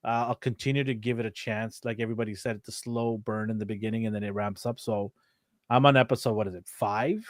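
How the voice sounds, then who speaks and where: A man co-hosting a casual chat show, telling lively stories and acting out what people said, laughing often. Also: lowish voice, fast, no echo, studio quality. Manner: animated storyteller, acts out quotes, laughs often. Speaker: co-host of a toy and anime show.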